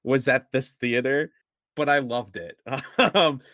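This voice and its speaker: A man's voice: mid-range voice, slow pace, fairly bright tone, no room sound, clean studio sound. A man co-hosting a podcast in casual chat, rambling a bit and chuckling between phrases. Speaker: podcast co-host.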